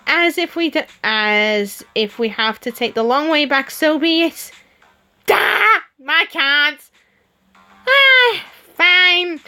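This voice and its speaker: A woman's voice: high voice, takes it slowly, bright, forceful tone. A woman streamer reading a story game aloud, giggling and adding her own comments between the lines. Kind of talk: reading game dialogue aloud with playful voices.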